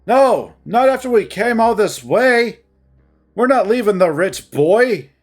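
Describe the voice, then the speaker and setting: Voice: mid-range voice, expressive, takes it slowly, faint music behind, pitched above the performer's own voice. A narrator voicing a young male bat, angry and wounded, hissing out curses. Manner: hissing, swearing outbursts.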